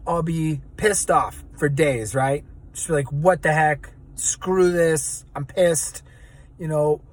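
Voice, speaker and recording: A man vlogging in an earnest, searching way, with many fillers as he reflects. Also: fairly high pitch. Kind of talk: reflective personal vlog.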